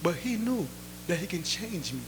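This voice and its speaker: A male pastor giving a sermon testimony, repeating each point in two languages and building to loud, emphatic bursts. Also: high voice, big pitch swings, normal speed, background noise. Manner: switches between Creole and English, repeating each point.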